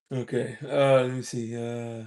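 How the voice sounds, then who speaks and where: Gravelly and breathy, this mid-range male voice belongs to an American hosting a casual livestream. He reads out viewer chat, rambles with plenty of "you know" asides, and chuckles often.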